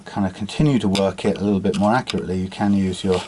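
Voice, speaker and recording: Very fast and with fairly even intonation, a lowish-voiced guitar repair technician rambles through a fret job at his workbench, restarting often and filling gaps with fillers. Heavy filing and sanding noise on the metal frets runs throughout this casual demo.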